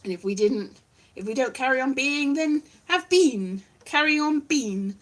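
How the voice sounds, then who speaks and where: A woman's voice: high voice, expressive, a little slow, a bit bright. A woman in a wry, self-deprecating, meandering casual monologue, vlogging with a guitar strummed in the background.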